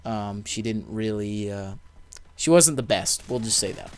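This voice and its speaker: A man's voice: on the low side, unhurried, smooth. A young man, a gaming YouTuber, casually telling a story with lots of swearing, fillers and rambling asides. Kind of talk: casual storytelling over gameplay.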